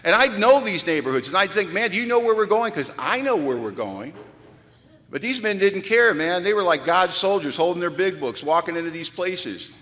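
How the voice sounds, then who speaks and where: A man in his fifties telling a story to a live audience, animated and acting out the dialogue. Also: moderate pace. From Pacific Northwest of the US. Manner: animated, acts out dialogue, drops low for his own past self. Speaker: recovery retreat speaker. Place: large hall. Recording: reverberant hall.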